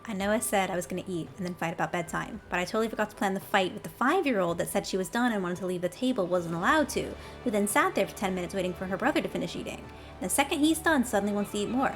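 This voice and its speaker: A woman in her thirties chats as she streams a game, wry and self-mocking. Her voice sits mid-range and sounds casual. Game music plays softly behind. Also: medium pitch, expressive, quick pace. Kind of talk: casual live-stream commentary.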